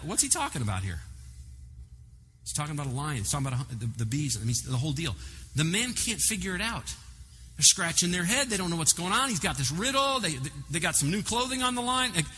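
A man delivers a sermon in an animated storytelling manner, with frequent asides to the congregation. His voice sits high and sounds very bright and sharp. It carries a long reverb from a large hall, with faint ambience behind it. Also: brisk, slight background noise. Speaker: pastor.

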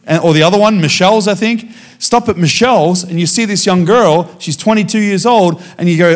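A man preaching as a guest speaker, telling a personal testimony in a lively storytelling way and acting out the dialogue. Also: high voice, fairly quick. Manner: animated storytelling, acting out dialogue with frequent restarts.

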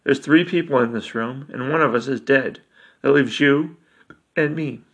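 An eerie young boy in a storybook, insistent and pleading, always pressing for trust, as a man reading the tale puts him on. The voice is bright and forceful, with little change from the reader's own. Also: medium pitch, normal speed, slightly rough. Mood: accusing.

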